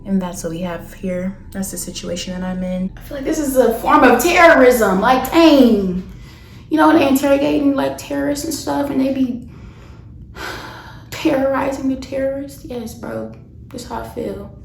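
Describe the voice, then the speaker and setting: A woman's voice: sits high, moderate pace, vocal fry, slight background noise. Jittery young woman vlogging, echoey room. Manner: dramatic, nervous, joking, loud yelps and counting down. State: shaky and sweaty. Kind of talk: casual vlog chat. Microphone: phone camera.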